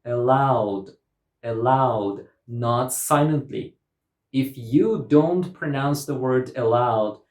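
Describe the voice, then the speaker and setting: Here a woman's rumbling low voice, dark in tone, works through English pronunciation. She says every word over and over, drawing out the syllables in slow, careful instruction, and the room echoes around her.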